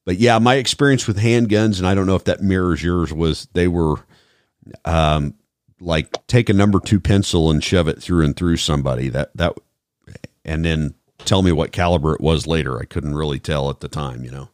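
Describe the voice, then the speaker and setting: A man hosts a casual podcast chat in a very deep voice, measured and thoughtful, with plenty of fillers. The recording is dry and close, with no room sound. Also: a little mellow, dry recording. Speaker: podcast host, former trauma responder.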